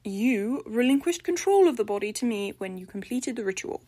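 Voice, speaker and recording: A woman's voice: on the high side, expressive, moderate pace, warm tone, no echo. A woman voicing the prim, haughty spirit of an old-fashioned lady from a bog body, speaking with formal, peevish diction in a storybook reading. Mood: reasonable.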